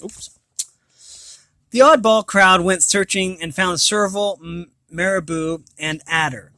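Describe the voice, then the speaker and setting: A man's voice: high-pitched, slow, pushed and bright, no echo. A man reading a children's picture book aloud, stopping to describe the pictures and restarting words. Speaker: reader of children's books.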